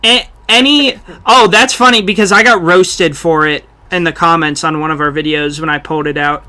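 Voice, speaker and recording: A man's voice: on the high side, steady tone, normal speed, bright, forceful tone. A young man hosting a casual podcast chat, loose and joking, who keeps slipping into celebrity impressions. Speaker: podcast host.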